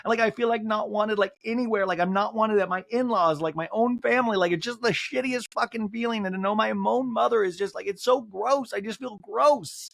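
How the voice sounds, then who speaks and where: A man's voice: very fast, few pauses, fairly bright tone, no room sound, clean studio sound, natural voice. A man doing a distraught, tearful reality-TV woman who swears through her crying. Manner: high, shaky, swearing through tears.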